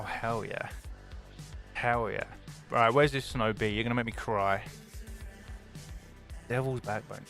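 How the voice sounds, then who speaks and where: A young British man chatting casually on a stream, excitable and swearing freely, swinging between loud enthusiasm and mock gloom. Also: mid-range voice.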